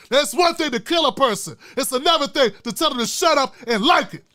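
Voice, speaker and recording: A middle-aged man hosting his own online show, ranting with fiery, profane, preacher-like repetition and swinging from hushed asides to shouting. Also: very high-pitched, animated, fairly quick, few pauses. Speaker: YouTube show host. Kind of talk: impassioned vlog rant.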